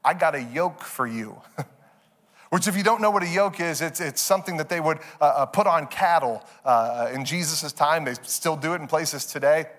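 A man preaches in a casual, storytelling style, his voice sitting a little high for a man. He turns to the congregation with questions as he goes. The sound carries a long reverb, like a church sanctuary. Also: normal speed. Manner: conversational storytelling, animated, asks congregation questions. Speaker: pastor. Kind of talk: sermon.

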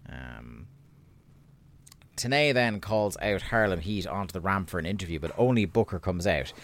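A man co-hosting a casual podcast recap, sweary and sardonic, getting animated when he rants. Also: low-pitched, normal speed. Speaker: podcast co-host.

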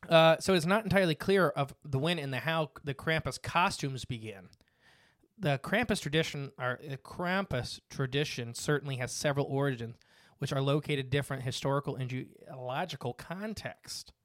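Podcast host reading lore notes. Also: male voice, medium pitch, normal speed, a bit bright, dry recording, clean studio sound. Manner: reads notes with fillers and restarts. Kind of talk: casual podcast chat.

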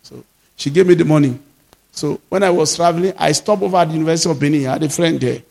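A man with a Nigerian accent, a pastor preaching and telling lively personal stories in a sermon, slipping into Yoruba. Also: a little high, fast talker, vocal fry. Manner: lively storytelling, mixes English with Yoruba. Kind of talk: sermon storytelling.

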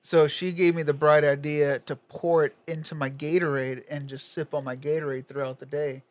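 A man's voice: on the high side, flat delivery, moderate pace, dry recording. A young man telling a laid-back story in casual chat, laughing and swearing freely.

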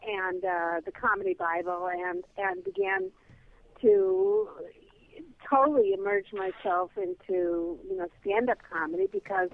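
Woman, chatty storyteller, thin phone-line sound, lively pitch. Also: measured pace, vocal fry. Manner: lively, animated anecdote with many fillers. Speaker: comedy guest. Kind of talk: casual storytelling on a call-in show. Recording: tinny phone line, dry.

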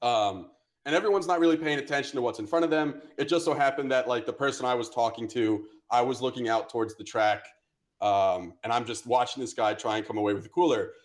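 A young man tells a rowdy story on a casual podcast, his voice at an ordinary middle pitch. He swears freely and gets animated as he goes. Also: fast. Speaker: podcast co-host. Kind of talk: casual chat.

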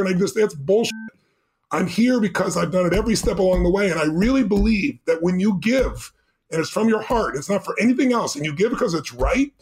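A middle-aged man tells a personal story as a podcast guest, his voice rising and then dropping low. He talks quickly and in a fairly high register for a man. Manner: intense storyteller, swings between loud and hushed. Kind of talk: telling a personal story in an interview.

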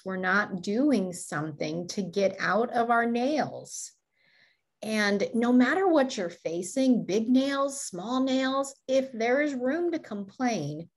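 Woman, motivational co-host, storytelling, laughs often, medium pitch. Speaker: podcast co-host. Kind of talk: motivational talk.

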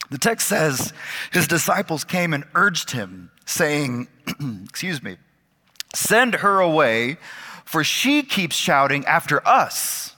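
A man's voice: on the high side, bright, forceful tone. Man preaching in a reverberant church. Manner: slows down and stresses words, rising for emphasis. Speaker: pastor. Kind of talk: sermon. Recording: church hall with long reverb.

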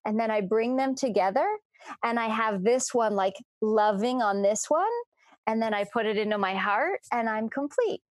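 A woman's voice: on the high side, normal speed, dry recording. A woman coach talking earnestly and reflectively in a podcast conversation, often restarting her sentences.

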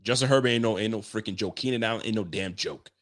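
Speaking in a lowish voice, this guy hosts an informal football stream, going through chat comments with fast slang, curses, laughter and bursts of excitement.

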